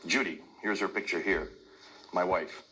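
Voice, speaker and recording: Older male lecturer, American accent, bright and hard-edged tone, emphatic public-talk delivery. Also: deep voice, normal speed, low-quality recording. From India.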